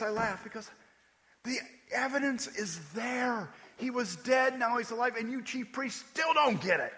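A man preaching a sermon in a high, lively voice that jumps all over the place. He talks to the congregation as if chatting, with joking asides. His voice is bright and echoes in a large hall. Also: measured pace. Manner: animated, conversational, joking asides. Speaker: pastor.

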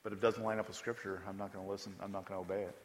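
A man's voice: low-pitched, flat delivery, racing, big-room sound. A man preaching a sermon as pastor, speaking conversationally and with emphasis, often putting questions to the congregation.

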